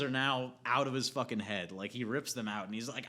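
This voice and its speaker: A young man in a loose, profane movie rant, his voice sitting at an ordinary middle pitch. He rambles and restarts constantly, stuffing every sentence with filler words as he retells scenes and breaks briefly into acted quotes. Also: fairly quick, sharp tone. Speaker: movie reviewer.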